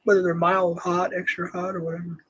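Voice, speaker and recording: A man's voice: high-pitched, completely flat delivery, brisk, fairly bright tone, breathy edge, low-quality recording. A man from New Mexico hosting a casual live-stream chat, rambling with many fillers and self-corrections and chuckling often. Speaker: host.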